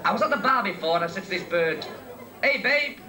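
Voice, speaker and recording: A man's voice: high voice, animated, pushed and bright. A man with a Salford accent doing stand-up comedy in a pub, rattling off one joke after another. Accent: Northern English, Salford. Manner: rapid-fire joke telling. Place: crowded pub function room. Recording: distant mic, live pub crowd.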